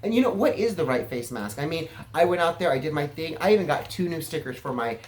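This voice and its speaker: A man's voice: on the high side, lively intonation, fast. A man from California giving a casual, self-assured vlog monologue, chatty and flamboyant in manner. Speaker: political vlogger.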